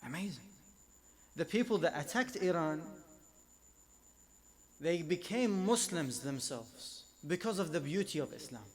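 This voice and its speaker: A man's voice: fairly high pitch, animated, measured pace, pauses often. Emphatic man giving a religious lecture. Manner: emphatic, rising on repeated phrases. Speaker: lecturer at an Islamic centre.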